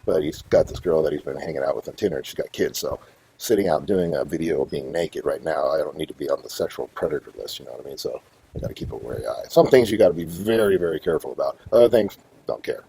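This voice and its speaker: A middle-aged man hosting his own show, telling a long story in a rambling, profane, animated way. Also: very deep voice, quick pace, gravelly, slightly rough, low-quality recording. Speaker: host. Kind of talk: casual storytelling monologue.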